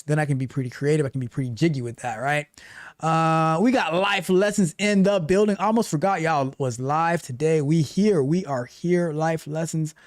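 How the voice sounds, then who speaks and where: A man hosts a relaxed tech livestream and chats with his viewers. His voice sits a bit high and moves in an animated, repetitive way. The sound is dry and close. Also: no room sound. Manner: animated, repeats himself, reads chat aloud. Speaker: livestream host and tech coach. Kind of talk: casual livestream chat.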